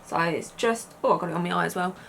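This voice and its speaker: Chatty British woman with a bright voice. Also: lowish voice, fast talker, gravelly, slight background noise. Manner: chatty, rambling with fillers. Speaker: beauty vlogger. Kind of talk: makeup tutorial talk.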